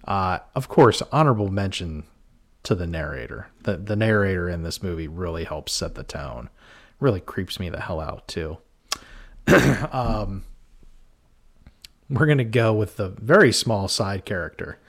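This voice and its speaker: A man hosting a casual film-review podcast, relaxed and laughing often as he retells scenes. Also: low voice, unhurried. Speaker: podcast host. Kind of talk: casual chat.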